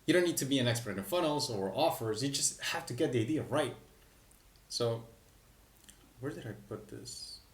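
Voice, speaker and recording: A man talks candidly as a business coach, with self-deprecating asides. His voice sits at a middle pitch and carries an echoey room sound. The mic is a little far from him. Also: animated, normal speed, pauses often. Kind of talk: casual talking-head explanation.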